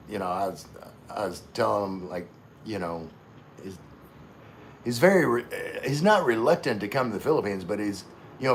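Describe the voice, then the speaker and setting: A man hosting a casual livestream, chatting with viewers in a halting way full of fillers and restarts. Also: lowish voice, slight background noise. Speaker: livestream host. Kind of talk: casual live chat with viewers.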